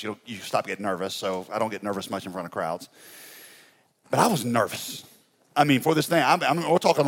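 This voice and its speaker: Man preaching an animated storytelling sermon. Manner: animated, conversational storytelling with humor; pitch rises high when excited, drops low and soft when reflective. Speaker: pastor. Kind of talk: storytelling sermon at a ministry conference.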